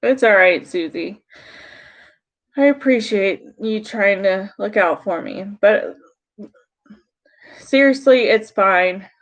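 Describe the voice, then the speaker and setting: A woman's voice: mid-range voice, animated, slow, pauses often. Tearful congested woman on a livestream. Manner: tearful, frustrated, talking to chat. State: congested from crying. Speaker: YouTuber on a livestream. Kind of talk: emotional livestream talk to chat.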